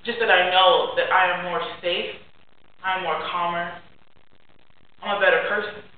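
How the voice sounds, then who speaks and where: A young woman giving an earnest, heartfelt personal speech to a class, often trailing off softly. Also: on the low side, steady tone, normal speed. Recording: very echoey, distant, tinny and lo-fi.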